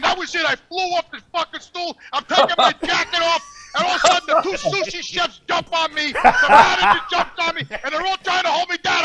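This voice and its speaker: A man telling profane stories on a podcast, loud and animated, swearing constantly. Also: extremely high pitch, quick pace, crowd noise. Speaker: podcast regular. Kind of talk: profane storytelling.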